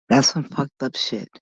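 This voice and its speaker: A woman in a slow, rambling vlog monologue, blunt and swearing freely as she drifts off topic and back. Her voice sits dry and close, with no room around it, on a dull, lo-fi recording. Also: rumbling low, slightly rough, dry recording. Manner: blunt, profane, digressive. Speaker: vlogger.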